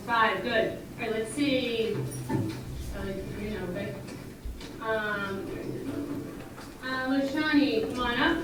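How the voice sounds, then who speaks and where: A woman teacher leading a phonics lesson in a classroom, brisk and encouraging, calling on children by name, recorded from a distant camera. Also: on the high side. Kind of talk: classroom instruction. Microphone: far camera. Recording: distant, very echoey noisy classroom video.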